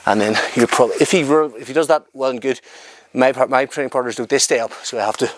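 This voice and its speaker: A man teaching jiu-jitsu technique during a live demonstration, talking in halting phrases and often checking in with "okay?". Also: medium pitch, dry recording. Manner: talks while moving on the mat, halting phrases. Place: training room at a retreat. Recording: noisy room recording.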